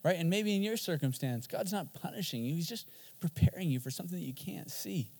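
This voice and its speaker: A man with a high voice preaches with energy, mixing jokes with emphatic points. His voice rings out with a long reverb, as if in a large church hall. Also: expressive, fairly quick, a little mellow, husky. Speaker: pastor. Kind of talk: sermon.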